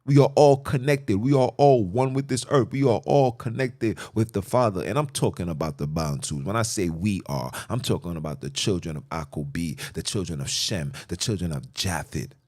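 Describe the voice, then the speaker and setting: A man's voice: sits low, normal speed, hardly any pauses, darkish tone. A middle-aged man hosting a podcast, delivering an emphatic, repetitive, lecturing monologue. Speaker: podcast host. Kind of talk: preachy monologue.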